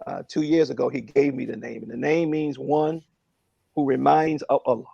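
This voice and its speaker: Earnest man with a gravelly voice. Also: medium pitch, fairly even intonation, dark tone, no echo, highs cut off. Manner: earnest, reflective, halting with fillers. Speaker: prayer line speaker. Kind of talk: casual testimony on a phone prayer line.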